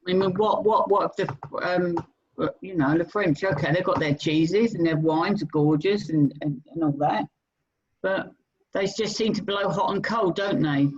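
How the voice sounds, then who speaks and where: A British man co-hosting a casual chat show, hesitant, with many pauses and repeated words. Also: high voice, slightly rough. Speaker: co-host. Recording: dull lo-fi sound.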